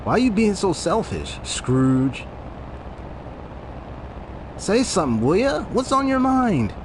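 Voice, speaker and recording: A man's voice: high-pitched, huge pitch swings, slow pace, noisy background, pitched above the performer's own voice, heavily acted. A man putting on a brash, teasing young guy. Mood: needling. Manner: pushy, taunting, sing-song.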